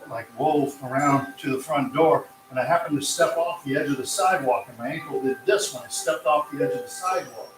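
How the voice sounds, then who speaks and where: Male tai chi teacher, mid-pitched, steady counted cues, recorded from a distance in a reverberant room with music underneath. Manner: calm, counting out slow cues. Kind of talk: guided exercise class instruction. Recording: roomy, distant mic with music.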